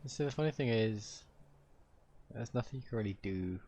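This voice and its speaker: A man's voice: lowish voice, moderate pace, a little mellow, dull audio. A man streaming an online role-play game, chatting casually in a rambling way and laughing often.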